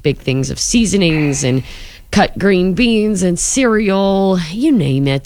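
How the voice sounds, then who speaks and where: Female radio co-host, low voice, dry studio sound, chatty with fillers. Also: dry recording. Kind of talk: casual on-air chat. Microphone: studio microphone.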